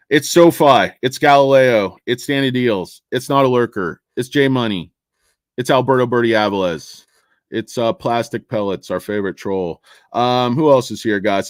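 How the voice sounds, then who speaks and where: A man's voice: mid-range voice, clear, resonant tone, no room sound, clean studio sound. A man hosting a casual stock market livestream, rambling and joking with crude, profane asides.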